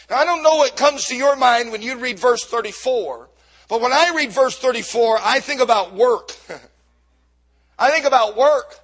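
Fervent preacher, high husky voice. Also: male voice. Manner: fervent, swings from shouting to hushed. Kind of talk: sermon. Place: church service.

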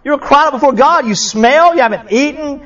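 A man's voice: extremely high pitch, animated, brisk, fairly bright tone, far from the mic, voice pushed up. A man voicing anxious royal servants who plead with their grieving king, urgent and coaxing. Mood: exasperated. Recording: dull lo-fi sound.

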